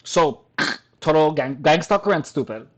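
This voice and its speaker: A man's voice: on the high side, animated, unhurried, highs cut off. Scoffing man mocking online comments. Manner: scoffing, crude, laughs often, stumbling restarts. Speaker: commentary vlogger reacting to comments.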